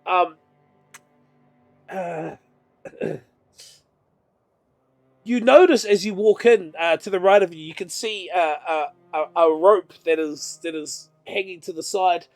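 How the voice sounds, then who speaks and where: A man narrating a tabletop game as game master, halting with fillers and laughing often. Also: sits high, a little mellow, no room sound, soft background music. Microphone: own microphone.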